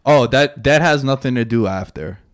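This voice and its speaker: A man's voice: mid-range voice, normal speed. A man on a casual sports podcast, patiently explaining how betting works. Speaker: podcast co-host.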